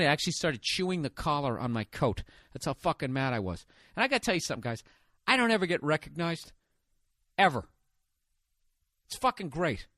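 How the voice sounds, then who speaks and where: A man's voice: high-pitched, fairly bright tone, dry recording. A man hosting a podcast, telling a comic story as a profane, exasperated rant. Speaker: podcast host. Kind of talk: comedic storytelling monologue.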